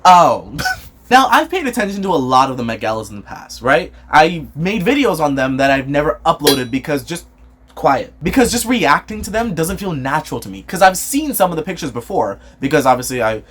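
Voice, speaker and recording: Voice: mid-range voice, sing-song, fairly quick, a bit bright, a little hiss or hum. A vlogger giving casual, jokey commentary on red carpet fashion, rambling and self-mocking.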